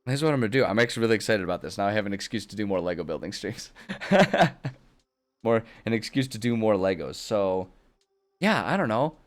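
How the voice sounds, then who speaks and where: A man's voice: on the low side, lively intonation, quick pace. A man streaming a casual build session, chatting cheerfully and sounding easily delighted. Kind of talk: casual live-stream chat while building.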